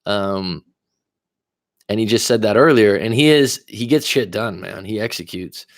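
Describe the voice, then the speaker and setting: A man's voice: fairly low pitch, a little slow, dry recording, clean studio sound. A man, a coach, talking casually and reflectively to viewers on a livestream, wandering into asides as he thinks aloud. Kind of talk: livestream monologue.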